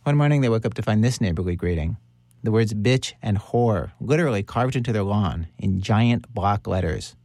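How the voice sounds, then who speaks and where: A man hosting a documentary audio show, narrating a story calmly and putting questions to his guests. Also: on the low side, normal speed, no echo, clean studio sound. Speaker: host and interviewer.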